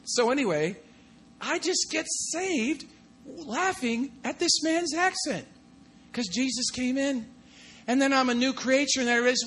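At an unhurried pace, a male preacher with a very high, bright, and forceful voice punctuates his sermon with calls of "come on" and "glory to God." His delivery veers from loud bursts to quiet asides, and there's a little hiss or hum in the recording.

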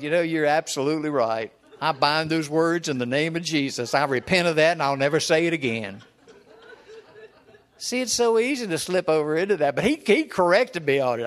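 An older man in his seventies gives a relaxed, homespun sermon. He tells personal stories and chuckles along as he talks. His voice sits a touch higher than most men's. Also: normal speed. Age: 70s. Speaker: preacher.

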